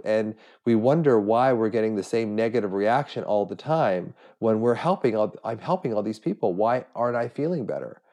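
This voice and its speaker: Middle-aged male podcast host, low mellow voice, earnest and reflective, has a cold. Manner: earnest, self-searching, frequent restarts. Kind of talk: reflective solo podcast monologue.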